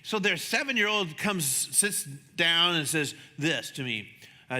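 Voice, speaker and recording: A man preaching a sermon as a pastor, chatty and animated, acting out the voices in his stories. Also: unhurried. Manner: conversational, animated, acts out dialogue with shifting pitch. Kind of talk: sermon with storytelling. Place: church sanctuary. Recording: long hall reverb.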